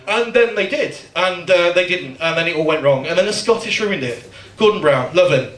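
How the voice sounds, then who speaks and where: High, bright-voiced young stand-up comic. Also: male voice, a little fast, recorded from a distance. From West Midlands, England. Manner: rambling, crude, self-mocking. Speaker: stand-up comedian and host. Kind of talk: stand-up comedy. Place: comedy night at a cinema venue. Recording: echoey venue, mic heard from afar.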